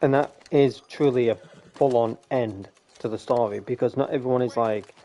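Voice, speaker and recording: A man's voice: mid-range voice, normal speed, dark tone. A young man rambling casually over gameplay on a headset mic, chatty, laughing often and swearing. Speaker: game streamer. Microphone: gaming headset.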